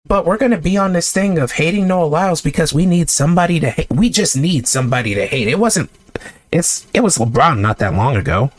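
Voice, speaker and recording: A man's voice: a little high, expressive, brisk, no room sound. A man delivering a heated sports rant to camera, exasperated and sarcastic, with blunt outbursts. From United States. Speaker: sports vlogger.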